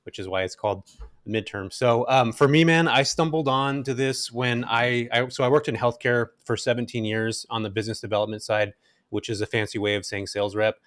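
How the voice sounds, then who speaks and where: A middle-aged man telling his story as an interview guest, animated and casual, with frequent fillers. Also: mid-range voice, brisk, dry recording, studio quality. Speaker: guest, rental investor.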